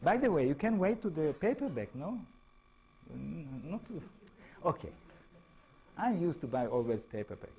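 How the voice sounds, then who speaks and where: A man with an Israeli accent lecturing as an author, speaking halting English and often checking in with tag questions. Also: fairly high pitch, very animated, mellow, slightly rough, rough recording. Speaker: author giving a talk. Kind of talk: lecture to an audience.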